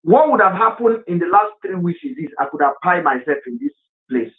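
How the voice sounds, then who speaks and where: A man's voice: sits high, sing-song, brisk. Impassioned Nigerian man on a phone line. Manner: earnest and impassioned, mixes in Pidgin. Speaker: livestream host. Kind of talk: emotional live-stream talk. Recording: tinny phone-line sound.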